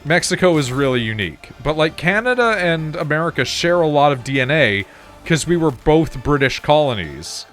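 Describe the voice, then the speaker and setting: A man's voice: fairly high pitch, very animated, moderate pace, a bit bright, faint music behind. A man streaming a game, chatting casually and telling stories with frequent laughs and swearing. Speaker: gaming streamer. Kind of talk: casual gameplay commentary.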